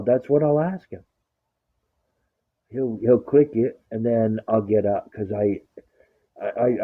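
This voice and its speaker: This man's voice sits on the low side with a breathy edge, and the audio sounds thin and phone-like. He's chatting casually about his dog, cursing heavily and performing the lines he directs at the animal in a profane, storytelling style.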